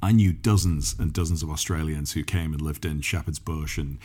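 A man's voice: a bass voice, fairly quick, a little mellow, breathy edge. A man from Liverpool hosting a casual interview, chatty and enthusiastic. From England, Liverpool. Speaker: host, interviewer.

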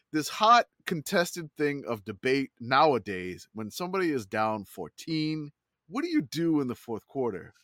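Animated man telling a sports story. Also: mid-range voice, no echo, clean studio sound. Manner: animated storytelling with quick laughs. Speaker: podcast host. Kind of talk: casual sports podcast chat.

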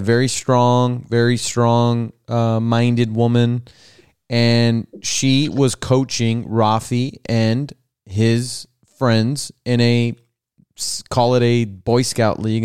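A man's voice: mid-range voice, little pitch movement, slow, a little mellow, clear, resonant tone, no room sound, studio quality. A man hosting a podcast, chatting casually and setting up his guest's story. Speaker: podcast host. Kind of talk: casual chat.

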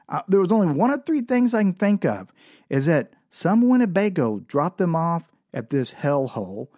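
Animated man telling a comic story. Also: fairly high pitch, no room sound, studio quality. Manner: rambling, animated, exasperated.

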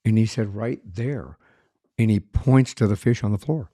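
A man's voice: fairly low pitch, normal speed, mellow, no room sound, studio quality. A man, a former police officer, talking in casual chat and often repeating words as he searches for what to say.

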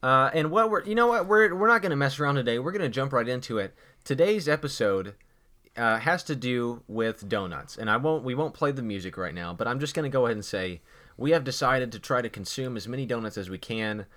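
A man's voice: mid-range voice, expressive, brisk, a bit bright. Rambling, chatty podcast host, a man. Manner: rambling, chatty, full of restarts and asides. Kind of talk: casual podcast chat.

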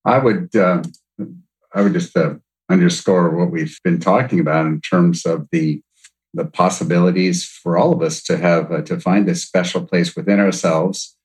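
A man with a very low voice, a guest on a podcast. He speaks thoughtfully, pausing with frequent uh's as he works out what to say. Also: steady tone, darkish tone, poor audio. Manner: thoughtful, hesitant, many "uh"s. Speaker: podcast guest, music producer. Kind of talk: casual interview chat.

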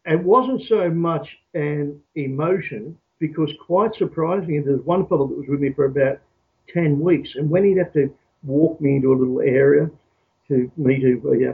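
Husky-voiced man on a tinny call. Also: fairly high pitch. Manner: halting, repeats words, soft pauses. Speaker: interview guest. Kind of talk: reflective storytelling. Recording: tinny phone-like call audio.

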